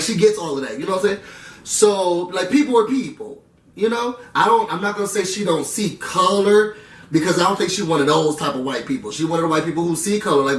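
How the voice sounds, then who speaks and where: A man chatting through a casual TV recap, animated and slangy, full of asides to his viewers. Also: sits high, recorded from a distance. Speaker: reality TV recap vlogger. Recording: roomy room sound, away from the mic.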